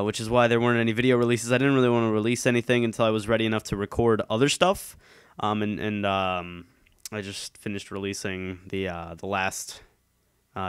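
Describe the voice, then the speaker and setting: A man talks casually and at length, full of ums, restarts and asides, still a little stuffed up from a cold. His voice is smooth and clear, recorded close and dry with no room sound. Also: mid-range voice, a bit bright, no echo. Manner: rambling, many ums and restarts. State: slightly congested. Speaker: YouTube commentator. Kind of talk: casual solo chat. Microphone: headphones, desk mic.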